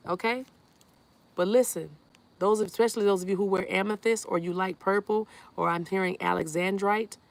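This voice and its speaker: Brisk and fairly even in intonation, her mid-range voice carries some vocal fry as she does a live tarot reading. She addresses viewers directly, reads their chat messages out, and keeps repeating comforting affirmations.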